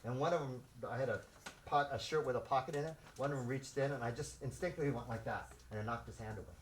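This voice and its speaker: A man in his sixties who grew up in Los Angeles, a martial arts instructor telling stories to his students and acting out the shouts, laughing often. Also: mid-range voice, fast, slight background noise. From South Central Los Angeles. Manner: animated, acts out shouts and quotes, laughs often. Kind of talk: storytelling to students.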